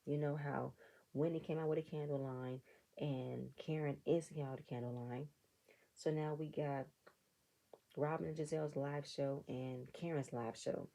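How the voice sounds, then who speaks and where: A woman with a low, dark voice reviews a reality show episode in a relaxed, chatty way. A gravelly fry runs through her speech. She often breaks into sarcastic asides and acts out the reactions of the people she is describing. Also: unhurried, poor audio. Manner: animated, sarcastic commentary with mock quoted reactions. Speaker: reality TV recap vlogger.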